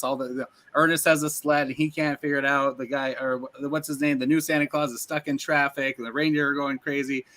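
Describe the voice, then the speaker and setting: A man's voice: mid-range voice, pushed and bright. A man co-hosting a podcast, eagerly and loosely retelling scenes from a film in casual chat. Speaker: podcast co-host.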